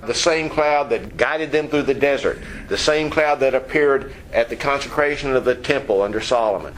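A man preaching a sermon in a conversational way, asking the listeners questions and dropping low and quiet on key points. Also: moderate pace, poor audio. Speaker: pastor.

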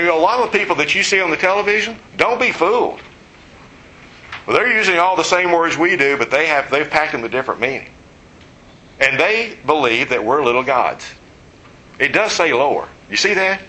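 A man's voice: a little high, bright, forceful tone, rough recording. A man preaching a conversational teaching sermon, explaining verses and adding joking asides.

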